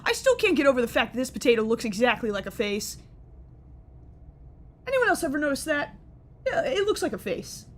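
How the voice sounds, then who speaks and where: A woman's voice: sits high, big pitch swings. Giggly, rambling young woman gamer. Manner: goofy, rambling, quick to laugh. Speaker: gaming streamer. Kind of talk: let's-play commentary.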